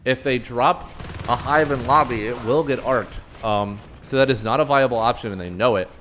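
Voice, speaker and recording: A man's voice: mid-range voice, normal speed, a bit bright, slight background noise. A man from Florida giving live play-by-play commentary on a team game, talking with frequent fillers and self-corrections, his throat strained from allergies. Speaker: esports commentator.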